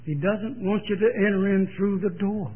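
An older male preacher with a high voice, preaching emphatically and repeating his phrases for weight. He speaks straight to his hearers, and his voice comes through a tinny, phone-like old recording. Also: moderate pace. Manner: emphatic storytelling, repeats phrases, direct address. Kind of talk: sermon.

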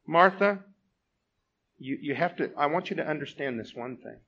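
A male preacher delivers a sermon in a fairly high, very animated voice. He presses his points with rhetorical questions. He rises to loud exclamations, then drops to a hush. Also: moderate pace, lo-fi sound. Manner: emphatic, swings from loud exclamations to hushed tones.

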